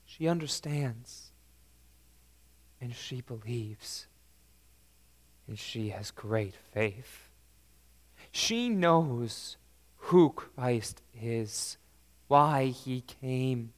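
A man preaching a sermon emphatically, swinging between loud declarations and soft, low lines. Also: very slow, long pauses, long reverb tail.

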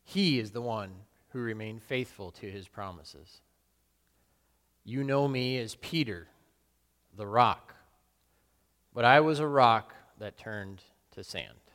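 A man playing Peter, a remorseful, brash fisherman and apostle, in a slow, brooding first-person monologue with sudden loud outbursts. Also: medium pitch. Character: remorseful middle-aged fisherman apostle, brash, guilt-torn. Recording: long hall reverb.

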